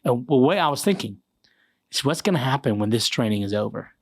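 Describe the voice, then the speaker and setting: A man with an Iraqi accent recounts his military training in a casual interview, animated and quick to swear. His voice sits at an ordinary middle pitch. The sound is dry and close, with no room echo. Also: vocal fry, husky. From Iraq. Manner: animated storyteller, swears freely, acts out quotes. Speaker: interview guest, former soldier.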